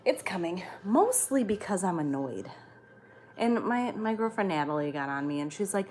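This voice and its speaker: A woman's voice: lowish voice, very animated, normal speed, darkish tone, a little hiss or hum. A woman hosting a livestream who reads viewer comments aloud and answers them in blunt, chatty talk, swearing freely. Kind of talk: casual chat.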